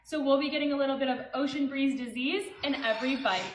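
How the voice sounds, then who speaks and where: A woman performs a comedy skit in a mock-sweet, sarcastic tone. Her voice is high, and the room echoes around her. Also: fast.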